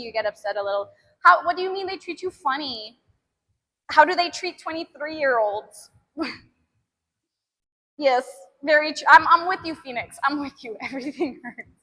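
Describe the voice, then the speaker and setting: A woman's voice: sits high, sharp tone, big-room sound. A woman in her twenties, a fitness streamer, chatting casually with live viewers from a gym, laughing often and groaning at sore muscles. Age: 20s.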